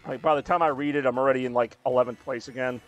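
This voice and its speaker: A man's voice: medium pitch, steady tone, rapid-fire, dull audio, soft background music. A young man streaming a racing game, chatting loosely, joking and reacting to comments from his chat. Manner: rambling, jokey, reacting to chat.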